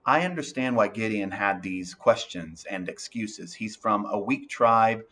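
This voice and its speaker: Male pastor, earnest sermon delivery with scripture reading, low-pitched voice. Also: a little slow, fairly bright tone. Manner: earnest, reads scripture aloud and applies it.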